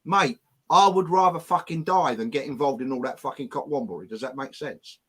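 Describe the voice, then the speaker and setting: A man holds forth on a live stream, blunt and defiant, his speech full of swearing. His voice sits at an ordinary middle pitch as he spins a long yarn in casual chat. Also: a little fast, a bit bright, breathy edge.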